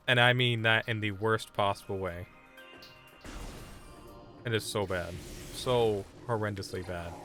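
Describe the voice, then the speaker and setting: A man's voice: lowish voice, bright, forceful tone. A man streaming a game live, chatting casually and bluntly brushing off requests from chat. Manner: blunt, dismissive banter with chat.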